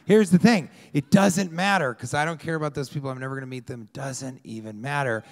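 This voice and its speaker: A man from Colorado doing a rambling stand-up comedy set on a club stage, shouting out bits of crowd work and acting out fans yelling at him. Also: mid-range voice, fairly quick.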